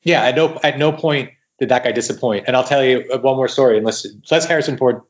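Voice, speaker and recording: Speaking fast at a medium pitch, this man is a guest writer telling stories during a casual podcast interview. He is animated, quotes lots of dialogue, and often starts sentences over.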